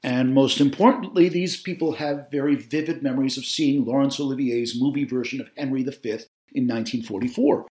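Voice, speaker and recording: A man's voice: mid-range voice, steady tone, a little fast, few pauses, a little mellow. Guy doing a film essay, opinionated, lots of um and you know, keeps fixing his words. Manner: talkative and opinionated, with frequent fillers and self-corrections. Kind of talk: spoken video essay on film.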